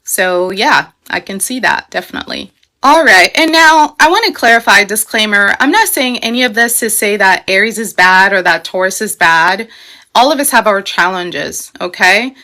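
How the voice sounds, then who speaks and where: A woman's voice: medium pitch, lively intonation, moderate pace, bright, forceful tone. A woman hosting a casual astrology talk, explaining in a chatty, emphatic way with frequent "you know" and "okay?". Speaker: astrology host.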